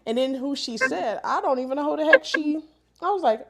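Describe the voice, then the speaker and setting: A middle-aged woman hosting a live sewing stream, telling stories in animated, colloquial casual chat and laughing often. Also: high-pitched, a little fast, very noisy.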